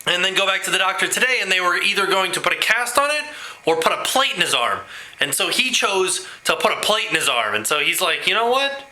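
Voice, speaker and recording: A man talking in a rambling, animated way in a casual home video blog, quick to laugh. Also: sits high, rough recording. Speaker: vlogger. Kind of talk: casual vlog chat.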